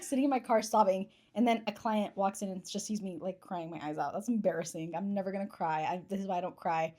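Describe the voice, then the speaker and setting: A woman's voice: medium pitch, fast, few pauses, mellow. A woman in her twenties chatting casually as a podcast guest, rambling and self-deprecating, with lots of fillers. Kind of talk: casual chat.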